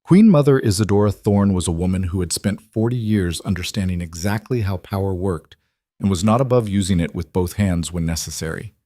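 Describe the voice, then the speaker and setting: A man reads a fantasy story in a steady, measured way, his voice sitting low. The sound is dry and close to the mic, with no room at all. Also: no echo. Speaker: narrator. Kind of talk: scripted narration.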